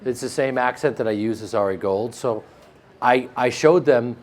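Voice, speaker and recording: Here is a man with a flat Midwestern American accent being interviewed about his acting. He talks at an ordinary middle pitch and tells stories casually. He jokes and mocks himself as he goes. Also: normal speed. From Chicago, American Midwest. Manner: joking, self-mocking storyteller.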